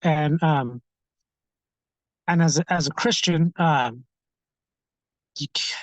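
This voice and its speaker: A man telling his own story in an interview, earnest and halting, often repeating words as he searches for what to say. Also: a little high, no room sound, poor audio. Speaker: street ministry founder.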